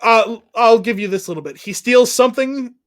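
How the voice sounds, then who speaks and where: A man's voice: very high voice, moderate pace. A man co-hosting a podcast, casually retelling a comedy scene, acting out the lines and laughing often. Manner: animated storyteller, acts out lines, laughs often. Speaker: podcast co-host.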